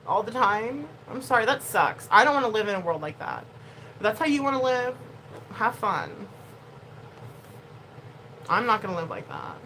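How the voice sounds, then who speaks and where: A woman YouTuber talking casually to her camera in an animated, expressive way, moving between quiet asides and loud bursts. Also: mid-range voice, normal speed, long pauses, slight background noise, rough recording.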